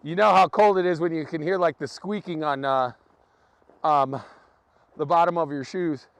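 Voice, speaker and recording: A camera on a tripod records a man hosting a casual outdoor live vlog amid freezing wind and snow, where he chats and laughs with viewers. His voice is on the high side, with a steady, clean tone, moderate pace, and a dry recording.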